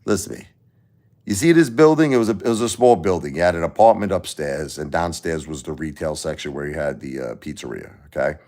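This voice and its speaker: A man's voice: very deep voice, animated, fairly quick, a little mellow. A man voicing an older Sicilian pizzeria owner with a Sicilian Italian accent, lecturing emphatically in broken English. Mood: insistent lecturing.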